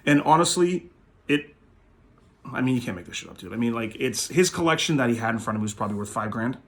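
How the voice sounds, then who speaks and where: A man hosting a show, telling a story in a blunt, profane, animated way. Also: medium pitch, quick pace. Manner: blunt, swears constantly, animated retelling. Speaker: host, sports card dealer.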